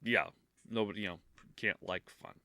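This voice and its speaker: A man's voice: lowish voice, normal speed, pushed and bright, dry recording. A man co-hosting a podcast who reads from notes and chats casually, laughing and swearing easily. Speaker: podcast co-host.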